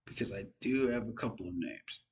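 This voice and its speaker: A man's voice: on the low side, fairly quick, darkish tone, dull audio. A tired man giving casual, frank football commentary on his own channel, rambling and poking fun at himself. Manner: rambling, frank, self-deprecating. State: tired, yawning. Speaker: sports fan vlogger.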